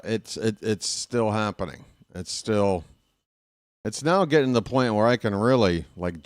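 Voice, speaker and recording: An American man giving casual live fan play-by-play of a baseball game, chatty and talking to himself, with excitable bursts. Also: fairly low pitch, clear, resonant tone, no echo, studio quality. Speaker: play-by-play commentator.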